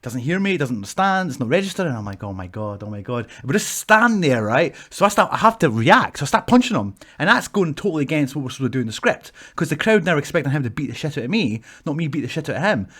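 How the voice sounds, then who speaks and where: A Scottish man, a pro wrestler in his thirties, casually telling stories to camera, animated and swearing freely. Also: fairly high pitch, fast, hardly any pauses, slightly rough. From Scotland. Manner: animated, swears freely, acts out shouts from the ring.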